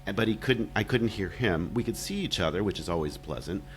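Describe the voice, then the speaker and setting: A man's voice: lowish voice, animated, fairly quick, slight background noise. A man in his sixties co-hosting a podcast in casual chat, chatty and self-deprecating. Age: 60s. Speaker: podcast co-host.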